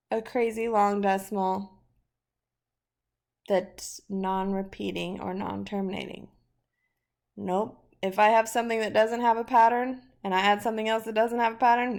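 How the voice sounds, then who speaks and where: A woman's voice: mid-range voice, vocal fry. A woman teaching a math lesson in a casual way, thinking aloud through examples in an upbeat, chatty manner.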